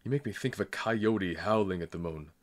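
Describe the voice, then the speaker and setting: A man's voice: low-pitched, brisk, lightly acted. A man voicing an irritable old grandmother who scolds and complains. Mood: scolding. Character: stern, irritable old grandmother, fussy and proud.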